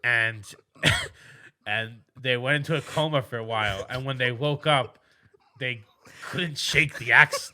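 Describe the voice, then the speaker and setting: A man's voice: on the high side, pushed and bright. A man co-hosting a comedy podcast in casual chat. He rambles, stammers and repeats himself while he builds absurd scenarios. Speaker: podcast co-host.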